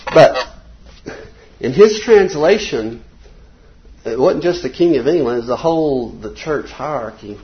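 A man teaching an informal Bible class from slides, rambling between points and reading quotes slowly and emphatically. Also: mid-range voice, lively intonation. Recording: dull lo-fi recording.

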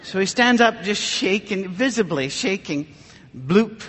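High-voiced man preaching with dry humor. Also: expressive, unhurried, fairly bright tone, husky, big-room sound. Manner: dry storytelling with mock dialogue. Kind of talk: humorous sermon.

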